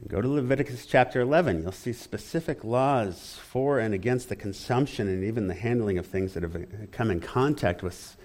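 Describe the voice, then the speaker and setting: A man preaching an expository sermon in an animated, engaging way, often asking the congregation questions. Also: medium pitch, normal speed, few pauses.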